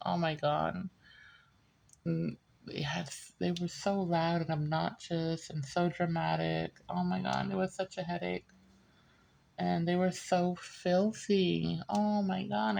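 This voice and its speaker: Low gravelly chatty woman reader. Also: darkish tone. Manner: rambling, laughs often, drifts into stories. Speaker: tarot reader. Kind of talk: casual chatty reading monologue.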